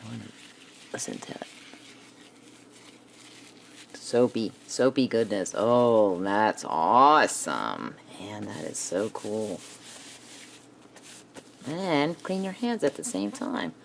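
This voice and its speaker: A woman's voice: very deep voice, animated, slow, vocal fry, pauses often, a little mellow, a little hiss or hum. A woman chatting casually to herself while she crafts, muttering and laughing often. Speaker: craft video maker.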